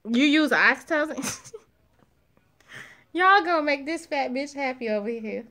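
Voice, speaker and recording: Slow, slangy, laughing woman chatting with viewers. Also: high-pitched. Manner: loud, slangy, laughs often, talks to chat. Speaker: livestream host chatting with viewers. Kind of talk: casual chat reading live comments.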